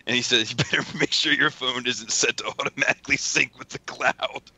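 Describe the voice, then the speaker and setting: Bright-voiced man reading texts, cursing. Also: medium pitch, steady tone, a little fast, breathy edge. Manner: profane, laughing often while reading. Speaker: podcast host. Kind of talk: casual chat, reading out text messages.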